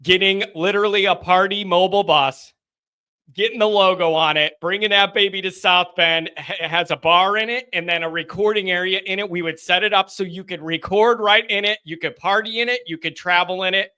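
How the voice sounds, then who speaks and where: High, bright-voiced male live-stream host. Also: brisk, smooth. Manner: animated, ranting and sarcastic. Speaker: host of a live fan call-in show. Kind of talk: casual live-stream chat reading viewer comments.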